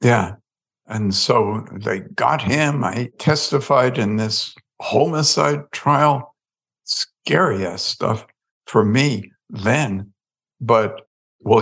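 A man, a podcast guest, telling a story in an animated way and acting out the dialogue. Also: fairly low pitch, vocal fry, slightly rough. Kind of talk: storytelling in an interview.

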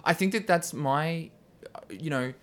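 A man's voice: a little high, unhurried, a bit bright. A man co-hosting a casual political chat, interjecting hesitantly.

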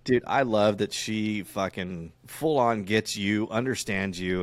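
A man's voice: fairly low pitch, a little slow, few pauses. A young man in casual podcast chat, crude and joking, often cursing. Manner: crude, joking, jumps into loud mock voices. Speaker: podcast co-host.

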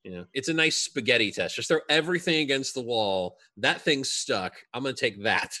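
A man co-hosting a podcast, chatting casually in an animated, joking way. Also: mid-range voice, a little fast. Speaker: podcast co-host. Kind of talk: casual chat.

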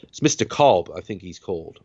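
A man's voice: low voice, lively intonation, fairly quick, warm tone, breathy edge, no echo. A man hosting a podcast, casually retelling a film's plot in a rambling way, full of fillers and restarts. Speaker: podcast host. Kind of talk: casual film recap chat. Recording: dull lo-fi dry sound.

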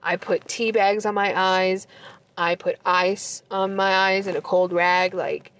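A young woman tells a breakup story casually and emotionally, swearing a lot and laughing through tears she's barely holding back. Her mid-range voice is unhurried and fairly bright, with fairly even intonation.

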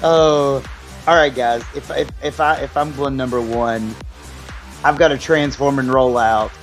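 A man's voice: medium pitch, steady tone, unhurried, soft background music. A man co-hosting a casual podcast chat, chatty and self-deprecating, often tripping over his words. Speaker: podcast co-host.

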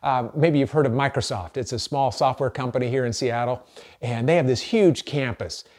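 A man's voice: medium pitch, moderate pace, a little mellow. An earnest middle-aged man preaching to his church. He talks in a conversational way and often restarts his sentences. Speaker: pastor. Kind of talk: sermon.

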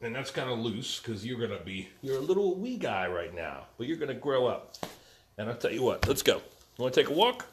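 A man's voice: medium pitch, sing-song, brisk, slight background noise. A man in a casual vlog, talking to his new puppy in doting, sing-song dog talk and giving short commands. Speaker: vlogger.

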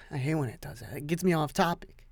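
A man's voice: fairly high pitch, normal speed, slightly rough, no room sound. A young man hosting a solo podcast, rambling and swearing, repeating himself as he talks while standing with a coffee. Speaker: podcast host.

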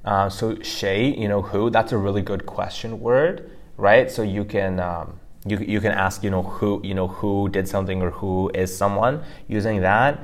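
A man's voice: lowish voice, fairly even intonation, moderate pace. A man co-hosting a language-learning podcast, chatty, restarting phrases and using many fillers. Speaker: podcast co-host. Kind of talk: casual language lesson podcast.

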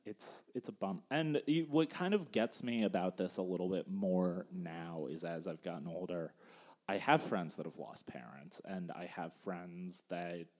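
A man's voice: sits low, a little slow, darkish tone. A young man hosting a casual music chat, rambling and laughing often. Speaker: podcast host.

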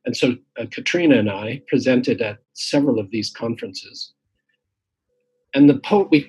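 A man in his sixties recounts his experiences in a relaxed, reflective way. His voice is husky and sits at an ordinary middle pitch, and he pauses often with fillers and restarts. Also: rough recording. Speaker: guest poet. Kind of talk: casual conversation. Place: home, tree shredding outside.

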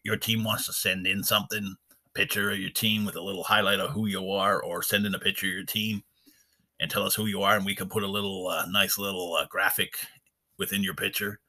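Male podcast host, deep and husky, folksy and rambling. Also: level tone, brisk, pushed and bright. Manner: rambling, folksy, lots of fillers. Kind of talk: casual unscripted podcast chat.

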